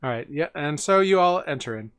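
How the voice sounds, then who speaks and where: A man's voice: a little high, animated, brisk, fairly bright tone. A man narrating as game master for a tabletop game, rambling with many fillers.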